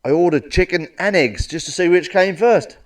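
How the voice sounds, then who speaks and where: Crude, deadpan comic. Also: male voice, sits high, normal speed, distant mic. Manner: crude, blunt, deadpan delivery with heavy swearing. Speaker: stand-up comedian. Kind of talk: stand-up one-liners.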